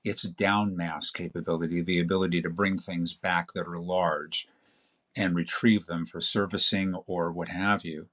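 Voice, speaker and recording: A man guest on a podcast interview, explaining in a measured, detailed way. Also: deep voice, level tone, a bit bright. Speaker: interview guest, space expert. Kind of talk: conversational explanation.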